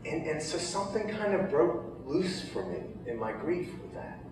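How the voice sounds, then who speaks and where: A man telling a personal story of grief, halting and emotional, with many restarts. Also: a little high, sing-song, background noise. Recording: echoey hall, heard from far off.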